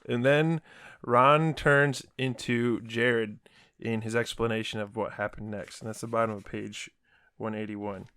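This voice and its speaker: A man hosts a podcast and recaps a book in a relaxed, chatty way, often breaking into laughter. His voice is mid-pitched, recorded close and dry with no room sound. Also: unhurried, clear, resonant tone, dry recording. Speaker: podcast host. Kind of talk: casual chat, recapping a book.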